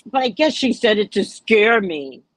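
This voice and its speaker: Husky-voiced woman, blunt and heated. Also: medium pitch, sing-song, normal speed, no echo. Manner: reads text messages aloud. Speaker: psychic reader recounting a client dispute. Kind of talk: casual storytelling to viewers.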